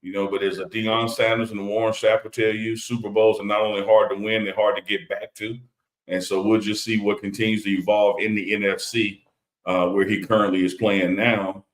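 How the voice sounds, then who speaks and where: A middle-aged man with a lowish voice co-hosts a casual sports stream from home. He talks in a relaxed, teasing way, and his voice carries the roomy echo of a room in the house. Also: fairly quick. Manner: laid-back, teasing banter. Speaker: co-host of a live stream.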